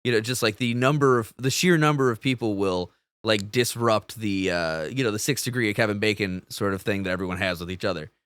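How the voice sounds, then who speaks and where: A man's voice: lowish voice, brisk, a bit bright, clean tone, no echo. A man co-hosting a podcast in a jokey, wisecracking way, full of pop-culture asides. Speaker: podcast co-host. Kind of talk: casual podcast chat.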